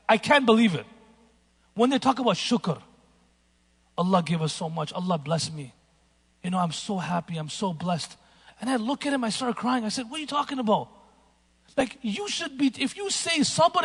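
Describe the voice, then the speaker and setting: Male preacher, very high voice, storytelling delivery, long hall echo. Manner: storytelling, shifts between hushed and emphatic. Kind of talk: sermon.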